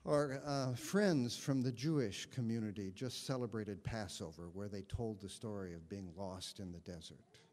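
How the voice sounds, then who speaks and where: A man preaching as a guest minister, telling a story with gentle humor. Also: lowish voice, moderate pace, hardly any pauses, big-room sound. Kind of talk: sermon. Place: congregation sanctuary.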